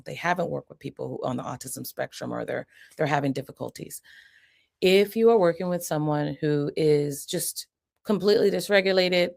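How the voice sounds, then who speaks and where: A woman's voice: low-pitched, vocal fry. A middle-aged woman psychiatrist giving an educational talk in a conversational, explanatory way, often checking in with the listener.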